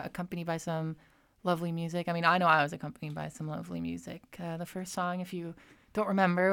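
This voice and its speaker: Campus radio host: a woman with a lowish, smooth voice, relaxed and chatty. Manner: chatty, relaxed, frequent fillers. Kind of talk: casual radio chat.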